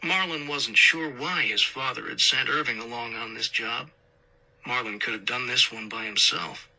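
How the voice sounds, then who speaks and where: A man's voice: mid-range voice, normal speed, bright, forceful tone, low-quality recording. A man narrating a crime story as an audiobook reader, acting out tense whispered dialogue. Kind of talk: scripted narration.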